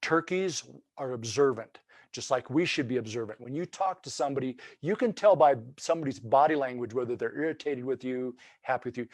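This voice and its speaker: A man's voice: medium pitch, a little fast, dry recording, studio quality. Folksy man teaching turkey calling. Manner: folksy, loose and explanatory, with many restarts. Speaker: turkey hunting instructor. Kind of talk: webinar lesson.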